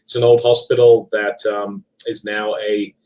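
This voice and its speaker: A middle-aged man from England with a Leicester accent softened by years abroad, chatting as a podcast guest, hesitant and full of ums and restarts. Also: fairly low pitch, flat delivery, unhurried, lo-fi sound. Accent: Leicester English, partly Americanized. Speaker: guest author and paranormal investigator. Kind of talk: casual live podcast chat.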